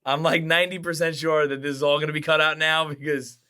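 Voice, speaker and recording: Hoarse, sarcastic male co-host. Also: on the high side, level tone, fast, pushed and bright. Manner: sarcastic, teasing, rambling restarts. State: hoarse, lost his voice. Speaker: podcast co-host. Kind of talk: casual sports betting chat.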